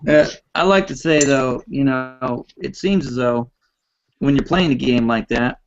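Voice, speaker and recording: A man's voice: mid-range voice, a little slow. A man in casual chat who rambles in a talkative way, speaking over a video call. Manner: chatty, rambling, laughs often. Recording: lo-fi video call audio with faint noise.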